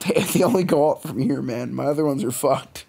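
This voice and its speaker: A young Canadian man spins a story on a podcast, swearing freely. He is animated and acts out the other people in his tale. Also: mid-range voice, brisk, gravelly, breathy edge. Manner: profane, animated storytelling with quoted voices. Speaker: podcast co-host. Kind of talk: casual storytelling chat.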